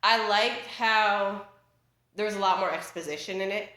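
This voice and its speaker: Pushed and bright, a young woman's mid-range voice runs at a normal speed as she vents casually in her vlog. Chatty and self-interrupting, she piles on fillers and restarts, her living room adding echo.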